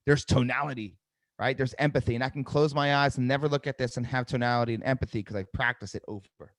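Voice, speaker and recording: A man's voice: medium pitch, fast talker, no room sound. A man hosting a live sales webinar, coaching with energy and repeating key phrases for emphasis.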